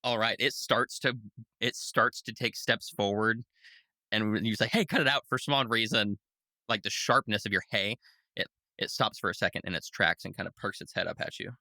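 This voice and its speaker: A man's voice: fairly low pitch, steady tone, normal speed, bright, forceful tone, no echo. A man narrating as game master of a tabletop role-playing game, in easygoing, descriptive speech full of fillers.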